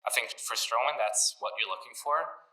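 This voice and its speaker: A man co-hosting a sports podcast, explaining points in a measured, casual way. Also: medium pitch, sharp tone, echoey room, distant mic, rough recording. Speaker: podcast co-host.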